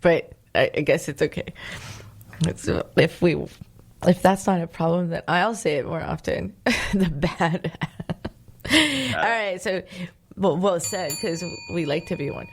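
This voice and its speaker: An American woman hosts a casual interview, chatty and quick to giggle. Her voice sits on the lower side for a woman. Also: expressive, slightly rough. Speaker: interview host.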